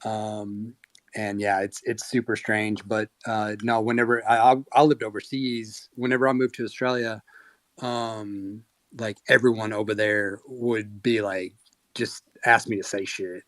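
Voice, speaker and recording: A man's voice: on the low side, flat delivery, measured pace, a bit bright, no room sound. A man with a Texas drawl in casual chat, easygoing and rambling, with frequent swearing.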